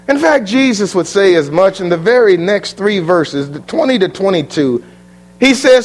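A man preaching a sermon, emphatic, swinging from booming lines to quiet ones.

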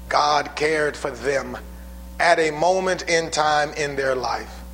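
A male pastor preaching a sermon, building from calm talk to shouted intensity. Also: a little high, slight background noise. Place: church sanctuary.

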